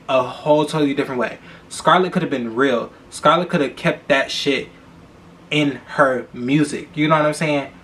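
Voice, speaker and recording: A young man hosts a casual celebrity gossip podcast. He talks in a blunt, profane, animated way and hammers his points home by repeating himself. His voice is bright and forceful and sits fairly high for a man. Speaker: podcast host.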